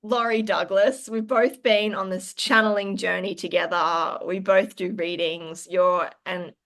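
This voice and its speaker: A woman's voice: mid-range voice, fairly even intonation, measured pace, creaky, a bit bright. A woman hosting a casual interview, asking her guest a question in an admiring way. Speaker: host, interviewer.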